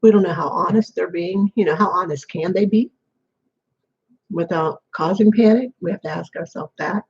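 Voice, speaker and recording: A vlogger talking casually to camera from an apartment, drifting from point to point and repeating phrases. The voice is husky and a little breathy. The audio sounds dull and lo-fi, as if it came from a built-in camera mic. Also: medium pitch, moderate pace, a little mellow. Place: home apartment, indoors. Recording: dull lo-fi home recording.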